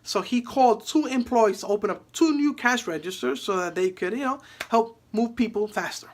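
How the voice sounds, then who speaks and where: A man's voice: very high voice, normal speed, slight background noise. A man telling a motivational story to an audience, emphatic and fond of repeating his key phrases. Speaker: motivational speaker.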